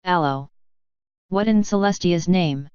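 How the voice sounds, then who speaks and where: A woman's voice: on the low side, measured pace, a little mellow, clean tone, no room sound, dull audio, lightly acted. Woman doing a prim, stern pony spa owner. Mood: scandalized.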